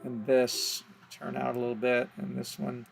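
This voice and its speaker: A man's voice: medium pitch, little pitch movement, normal speed, gravelly, soft background music. A man explaining his steps in an easygoing, think-aloud tutorial, correcting himself as he goes. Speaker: animation tutor. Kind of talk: casual screen-recorded tutorial.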